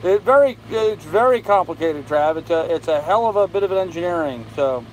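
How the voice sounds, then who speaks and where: An older man hosting a casual live stream from his boat, tired and unhurried, greeting viewers by name as he reads their comments. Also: on the high side, lively intonation, rough recording. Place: on a sailboat with air conditioning and fan running. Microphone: phone. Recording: faint fan and air-conditioner hum behind.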